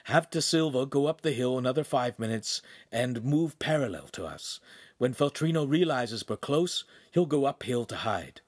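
A man's voice: medium pitch, animated, normal speed, dry recording, studio quality, pitched above the performer's own voice, close to an everyday voice. A man voicing a small, cautious male imp who speaks in a precise, analytical way. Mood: alert.

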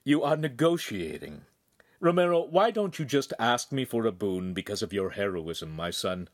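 Man doing a jovial powerful lord, measured and grand, shrewd, storybook reading. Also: on the low side, sing-song, no echo, studio quality. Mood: genial. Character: powerful older male ruler, genial and shrewd. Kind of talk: audiobook character voice.

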